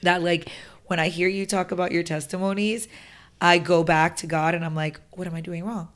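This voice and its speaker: Earnest chatty woman guest, lower voice. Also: little pitch movement, moderate pace. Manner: talkative, many "like" fillers, earnest. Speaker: podcast guest, real estate entrepreneur. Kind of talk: casual conversation.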